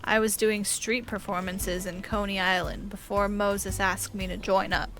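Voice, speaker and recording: A woman's voice: medium pitch, little pitch movement, measured pace, a bit bright, faint music behind. Woman reading as a teasing young circus performer.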